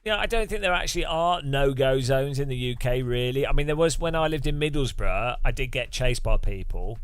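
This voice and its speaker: A man's voice: medium pitch, animated, a little fast, smooth, dry recording, faint music behind. A young man chatting casually while gaming on stream, rambling with lots of filler words.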